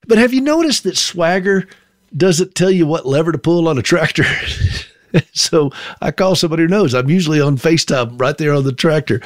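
A Southern man in his fifties tells stories in a folksy, self-deprecating way, full of humorous asides. His voice sits a touch high for a man. The sound is dry and close, with no room around it. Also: dry recording. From South Carolina. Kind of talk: storytelling monologue.

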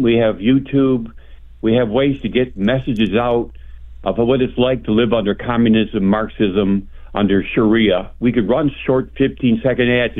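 A man calling in to a radio show by phone, impassioned and speaking in long run-on sentences. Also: medium pitch. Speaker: caller. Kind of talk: phone-in call. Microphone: telephone. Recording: tinny phone line.

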